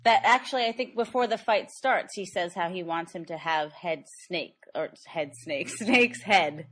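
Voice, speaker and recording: A woman's voice: lowish voice, normal speed, a bit bright, slight background noise. A woman co-hosting a podcast, chatting casually about a movie, playful and often laughing. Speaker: podcast co-host.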